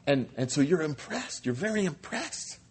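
A male preacher delivers an animated sermon, retelling scripture and stopping for playful asides. His voice is a little husky, and his pitch swings freely as he builds up each point. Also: moderate pace. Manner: animated storytelling, frequent restarts and humor. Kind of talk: expository sermon.

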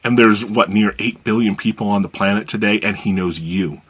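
A man's voice: lowish voice, normal speed, a bit bright, slightly rough. An American man preaching a sermon as a pastor, earnest and conversational as he teaches and reads scripture. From United States.

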